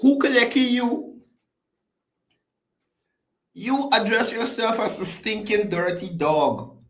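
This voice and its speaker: Speaking slowly in a high register, this man's voice carries a roomy sound. He is the host of an easygoing call-in type commentary show, calling out viewers by name with chatty, lively ups and downs in his tone.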